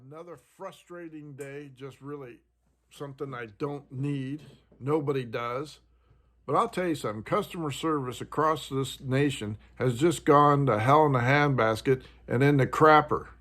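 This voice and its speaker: A man's voice: moderate pace, fairly bright tone. A man hosting his own vlog, ranting in a frustrated, casual way about bad customer service. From United States. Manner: frustrated, ranting, mimics others in a higher voice. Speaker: host.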